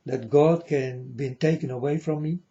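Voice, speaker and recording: A man in a rambling monologue to his viewers, earnest and repetitive, with halting non-native phrasing. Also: mid-range voice, fairly even intonation, mellow, muffled recording. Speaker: vlogger addressing viewers.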